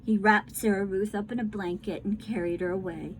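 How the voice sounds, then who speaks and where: A woman reading a children's book aloud to a class, tender and unhurried. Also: mid-range voice, fairly even intonation, slight background noise, poor audio. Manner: slow, tender storytelling.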